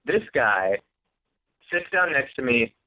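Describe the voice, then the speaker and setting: A man's voice: medium pitch, very animated, slow, no echo. Laid-back guy on a tinny phone line. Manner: laid-back, swearing, amused. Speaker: guest musician. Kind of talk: casual storytelling.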